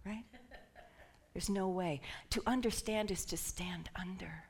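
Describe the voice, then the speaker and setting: A woman minister giving an animated sermon, dropping to whispers and rising to shouts as she leads the congregation in call and response. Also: lowish voice, measured pace, breathy edge.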